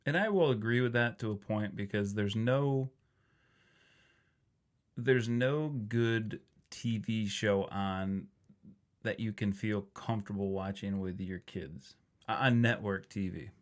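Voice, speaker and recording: A man's voice: fairly low pitch, slow pace. A man in his forties co-hosting a podcast, chatting casually, often laughing as he reads items from a list. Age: 40s. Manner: joking, laughs often while reading a list aloud. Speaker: podcast co-host. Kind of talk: casual chat.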